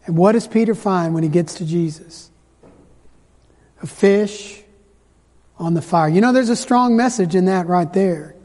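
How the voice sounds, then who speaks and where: A man preaching a sermon, retelling scripture with dramatic pauses and slowed emphasis. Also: sits high, a little mellow. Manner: dramatic storytelling, slows for emphasis. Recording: hall reverb.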